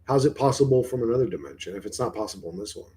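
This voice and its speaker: Husky-voiced man rambling on a stream. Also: on the low side, lively intonation, racing, warm tone. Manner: rambling, profane, questioning. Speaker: livestreamer. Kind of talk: casual livestream chat answering viewers.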